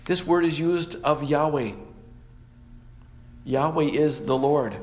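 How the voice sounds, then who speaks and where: A man's voice: fairly high pitch, takes it slowly. A man preaching a sermon, teaching through scripture and often stopping to correct himself. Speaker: pastor.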